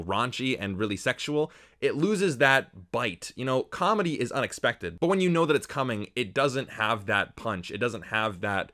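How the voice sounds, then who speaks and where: Male critic, twenties, animated and sarcastic; average pitch. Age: 20s. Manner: animated, mocking quoted voices. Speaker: film critic. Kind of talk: movie review.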